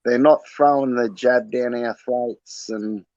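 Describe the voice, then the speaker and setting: A man's voice: medium pitch, fairly even intonation, takes it slowly, a little mellow, no echo. An Australian man hosting a casual livestream chat, slangy and conspiratorial in how he talks. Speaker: stream host. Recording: dull lo-fi audio.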